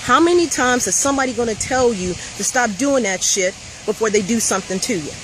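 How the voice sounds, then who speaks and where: A woman's voice: a little high, fairly quick. Blunt, profane woman ranting over vehicle noise. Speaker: mother. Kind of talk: impassioned rant. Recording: steady vehicle noise behind.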